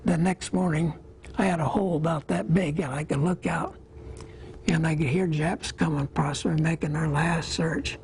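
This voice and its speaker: A man in his eighties from Iowa, a war veteran telling his memories in an interview, plain-spoken and halting, with small pauses. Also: fairly high pitch, fairly even intonation, darkish tone, slight background noise, low-quality recording.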